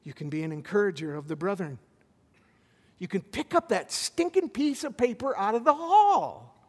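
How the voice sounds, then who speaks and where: A man preaching a sermon as a visiting pastor, animated, with stammered restarts as he tells a story. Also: sits high, moderate pace, big-room sound.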